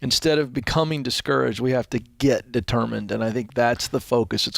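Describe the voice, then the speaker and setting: A man's voice: medium pitch, fairly even intonation, a little fast, vocal fry, hardly any pauses, no room sound, studio quality. A man co-hosting a radio talk show, speaking in an earnest, affirming way. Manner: earnest, affirming, telling an anecdote. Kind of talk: casual on-air talk.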